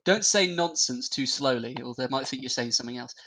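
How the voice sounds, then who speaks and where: A man's voice: mid-range voice, fairly quick, a crowd in the background, rough recording. A British man bantering on a podcast, teasing and swearing freely. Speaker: podcast co-host. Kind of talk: casual banter.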